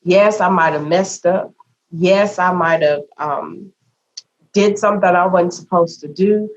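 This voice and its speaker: A woman's voice: on the low side, measured pace. A woman co-hosting a podcast, talking reflectively in a folksy, preachy way about how she was raised. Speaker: podcast co-host. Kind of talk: casual chat. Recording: dull lo-fi sound.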